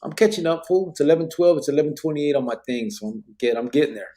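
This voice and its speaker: A man's voice: a little high, animated, quick pace, mellow. A man hosting a podcast, reading live comments in casual chat, laughing often and dropping Spanish slang. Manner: laid-back, laughs often, drops Spanish and barrio slang. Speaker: podcast host.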